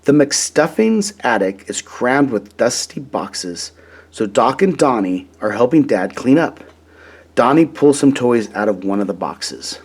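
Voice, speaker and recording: A man reading a children's storybook aloud in a gentle, deliberate way. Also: mid-range voice, big pitch swings, husky. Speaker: storybook reader.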